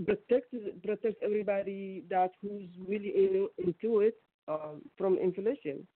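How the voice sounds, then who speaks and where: A woman's voice: mid-range voice, no echo. Middle-aged Ethiopian-accented woman, phone-in guest, stumbling and restarting, tinny dry line. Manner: halting, many restarts and fillers. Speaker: guest caller. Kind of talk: radio call-in interview.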